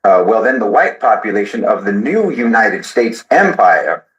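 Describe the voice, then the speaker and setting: A man's voice: lowish voice, sing-song, normal speed, fairly bright tone, roomy sound, lo-fi sound. A man giving a political commentary monologue, lecturing in a sardonic tone.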